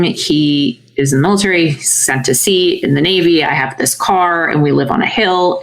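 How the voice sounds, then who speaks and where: A woman's voice: sits low, poor audio. A woman guest on a podcast, telling a story in a chatty, self-deprecating way and laughing at her own mishaps. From Canada. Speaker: guest, naturopathic doctor.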